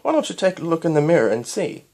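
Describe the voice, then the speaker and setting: A reader doing a lively eccentric stallion. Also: medium pitch, fast talker, voice pushed up. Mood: cheerful. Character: eccentric time-traveling stallion, adult, upbeat.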